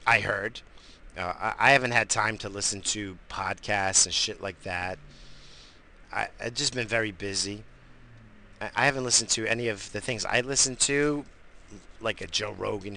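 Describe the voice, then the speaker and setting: A man's voice: on the low side, creaky, pushed and bright, a little hiss or hum. A man hosting a podcast, rambling through a profane casual rant, swearing constantly and stammering on his restarts. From family from the Azores. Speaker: podcast host.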